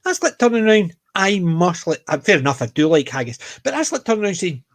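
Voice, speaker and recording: A Scottish man chatting on a casual panel, telling stories with emphatic, animated delivery. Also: sits high, rapid-fire. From Scotland.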